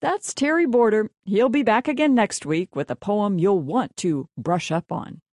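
A woman presenting a radio program, delivering crisp scripted introductions. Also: medium pitch, a little slow, darkish tone. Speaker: radio host.

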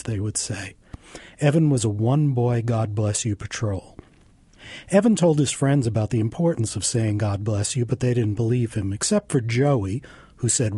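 A man, a writer, reading his own short story aloud in a dry, deadpan way. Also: mid-range voice, moderate pace, husky, no room sound.

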